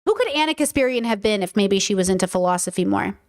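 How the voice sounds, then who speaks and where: A woman's voice: mid-range voice, animated, fast talker, darkish tone. An American woman hosting a casual livestream, playful and chatty, swearing freely and repeating words for emphasis. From United States. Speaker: host.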